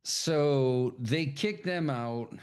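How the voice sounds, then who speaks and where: Man, podcast co-host, casual film recap, profane storyteller, mid-pitched voice. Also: a little mellow, clean tone. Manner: loose, profane storytelling that slips into quick impressions of characters.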